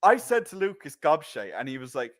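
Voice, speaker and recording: An Irish man talking wrestling in a loose, casual chat. His pitch swings widely and sits a touch high for a man. He rambles, swears freely and restarts his sentences. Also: brisk. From Ireland. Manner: animated, swearing, restarts and tangents. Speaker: guest wrestling pundit.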